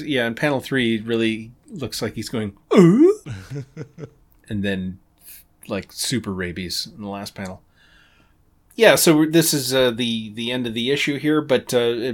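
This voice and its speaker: Animated man hosting a comics podcast. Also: mid-range voice, a little slow. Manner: animated, swears casually, laughs often. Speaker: podcast host. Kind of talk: casual chat.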